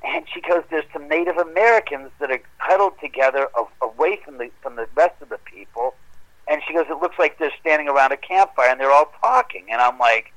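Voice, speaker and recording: Animated man telling a ghost story. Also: brisk, low-quality recording. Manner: animated, acts out quoted dialogue with rising pitch. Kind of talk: casual storytelling on a podcast call.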